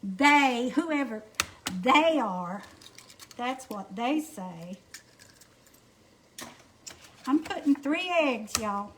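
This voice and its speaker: A woman's voice: fairly high pitch, expressive, slow. A middle-aged woman with an Alabama Southern accent, chatting folksy and easy while she cooks at home on a livestream and greets viewers by name. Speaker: home cooking livestream host. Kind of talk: casual cooking livestream chat. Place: home kitchen. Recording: noisy kitchen with clattering dishes.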